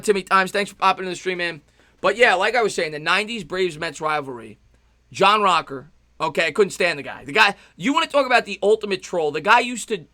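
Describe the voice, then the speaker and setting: Host type: fired-up New guy, high, piercing voice, dry close mic, live play-by-play. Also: no echo. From New York. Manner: loud, passionate, fast-talking. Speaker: livestream sports host. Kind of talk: live play-by-play and chat reaction.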